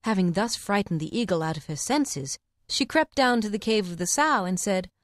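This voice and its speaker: A woman narrating an audiobook of fables with clear, expressive storytelling. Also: medium pitch, normal speed, no echo, studio quality.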